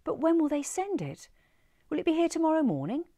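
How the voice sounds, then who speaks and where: A woman reading a story aloud, voicing an anxious, fussy woman traveller who pleads in a high, distressed voice. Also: fast, no echo, clean studio sound.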